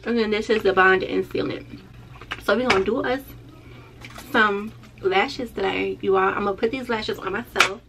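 A woman's voice: mid-range voice, fairly even intonation, normal speed, gravelly, background noise. A woman who works as a lash tech, chatting casually and playfully straight to her viewers in a vlog.

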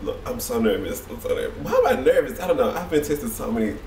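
A man's voice: mid-range voice, sing-song, fast, darkish tone, slight background noise. Nervous, chatty, sassy, man in his twenties, casual vlog, echoey bathroom. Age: 20s. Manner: nervous, chatty, sassy, says "girl" often. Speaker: vlogger. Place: home bathroom. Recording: roomy echo, slightly distant.

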